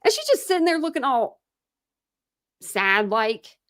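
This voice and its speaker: A woman's voice: high-pitched, very animated, a little slow, a bit bright, dry recording, studio quality. A young adult woman from the United States hosting a casual true crime live stream, chatting and answering viewer comments. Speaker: true crime channel host.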